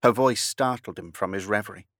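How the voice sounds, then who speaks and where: A man narrating a novel aloud with a measured storytelling delivery. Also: lowish voice, a bit bright, no room sound, studio quality. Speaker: audiobook narrator. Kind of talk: scripted narration.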